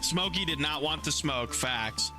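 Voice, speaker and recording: A man's voice: fairly high pitch, unhurried, music in the background. A man streaming a game, chatting loosely with viewers, swearing casually and greeting them by name. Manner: soothing coos when calming his pet rats. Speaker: gaming streamer. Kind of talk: casual live-stream chat.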